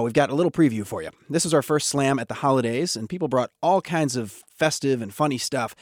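A man hosting a public radio show, announcing in a relaxed, conversational way. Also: mid-range voice, dry recording, clean studio sound. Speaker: radio podcast host.

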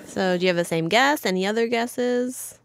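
A woman's voice: medium pitch, moderate pace, a little hiss or hum. A woman hosting a science show for children, leading into questions and answers in an upbeat way. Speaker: host.

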